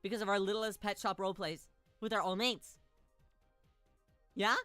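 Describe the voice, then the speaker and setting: A woman's voice: fairly even intonation, normal speed, a bit bright, no echo, soft background music. A woman streamer playing a visual novel, reading its lines aloud and joking around in a playful, giggly way. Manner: playful and giggly, jumps into sudden high squeals. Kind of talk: casual let's-play commentary, reading dialogue aloud.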